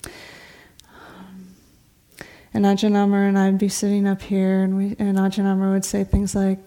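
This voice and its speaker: A middle-aged woman, a meditation teacher, giving a dharma talk in a meditation hall, telling stories conversationally and sometimes dropping to a soft whisper. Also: medium pitch, completely flat delivery, normal speed. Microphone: talk recording before a seated audience.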